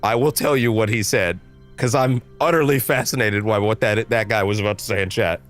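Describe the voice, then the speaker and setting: A man's voice: fairly quick, soft background music. A man livestreaming a game, ranting animatedly and swearing freely at his chat. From Canada. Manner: animated, profane ranting with shifting pitch.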